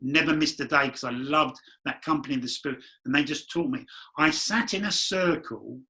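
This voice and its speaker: Man, medium guest, chatty storyteller, bright raised voice. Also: on the high side, moderate pace. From London. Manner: chatty, rambling anecdotes with acted quotes. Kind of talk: candid storytelling interview.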